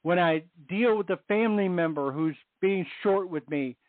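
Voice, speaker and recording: A man's voice: high-pitched, normal speed, no echo. Middle-aged man, earnest faith testimony, repeats himself for emphasis, heard over a phone line. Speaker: guest on a Catholic radio show.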